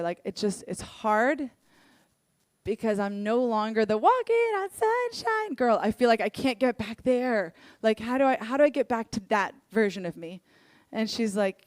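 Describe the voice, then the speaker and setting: A young adult woman leading worship, telling personal stories in an earnest, candid sermon and acting out what people said in lively voices. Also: mid-range voice, normal speed, no room sound. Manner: earnest, candid storytelling with lively acted-out quotes. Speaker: worship leader.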